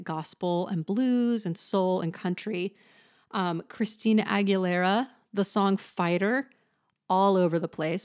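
A woman's voice: on the low side, dry recording, clean studio sound. A woman from Southern California with a touch of a Valley accent, teaching singing and demonstrating sounds with her voice. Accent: Valley girl. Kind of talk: vocal lesson.

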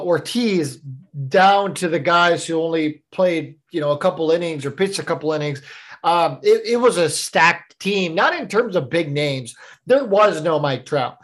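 Easygoing man chatting about baseball. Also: a little high. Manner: easygoing, lots of fillers. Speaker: podcast co-host. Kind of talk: casual sports chat.

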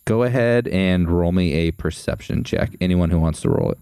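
Deep, mellow-voiced game master narrating. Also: male voice, smooth, dry recording, studio quality. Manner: descriptive, measured storytelling.

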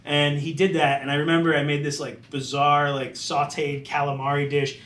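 A man's voice: fairly high pitch, completely flat delivery, moderate pace, a bit bright. A man telling a story in a casual, rambling way, full of "like" fillers, as a chef being interviewed. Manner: loose, rambling, many "like" fillers. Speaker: chef guest. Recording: roomy, distant mic.

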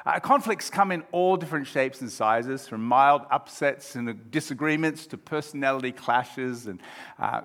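Male pastor, sermon, slightly high voice, playful, calls out to the congregation. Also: fairly bright tone. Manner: humorous, engaging the congregation. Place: church.

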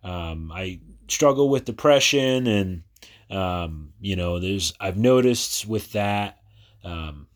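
A very low-pitched man in his thirties, originally from New Jersey, talks through his own podcast alone. He rambles in a casual, chatty way, often stopping on fillers and starting sentences over. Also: expressive, slow. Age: 30s. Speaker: podcast host. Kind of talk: casual personal podcast monologue.

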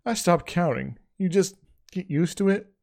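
A man's voice: sits high, moderate pace, gravelly, darkish tone, voice pushed up. A man voicing a casual, teasing young man who talks breezily with stumbling restarts.

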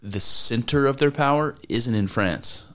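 A man's voice: medium pitch, measured pace, fairly bright tone. A man co-hosting a podcast, telling rambling, profane stories full of restarts in casual chat. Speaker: podcast co-host.

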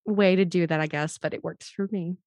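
A woman's voice: on the low side, steady tone, normal speed, a little mellow, no room sound. A woman guest on a podcast, an actress, chatting casually and often laughing as she explains. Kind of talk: casual interview chat.

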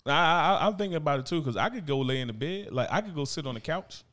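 A man's voice: on the high side, racing. A man in casual chat, telling stories with lots of swearing and acting out the voices of people he quotes. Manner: profane, animated storytelling, acts out quoted voices.

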